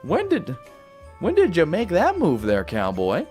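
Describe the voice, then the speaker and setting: Male gaming host, goofy and chatty, lively pitch, light music bed underneath. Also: unhurried. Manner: playful, silly, chatty with viewers. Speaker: gaming YouTuber. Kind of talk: casual live game commentary.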